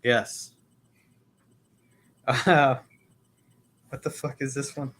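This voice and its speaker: A man's voice: mid-range voice, level tone, very slow, a bit bright, a little hiss or hum. A man co-hosting a podcast in casual chat, loose, profane and joking. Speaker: podcast co-host.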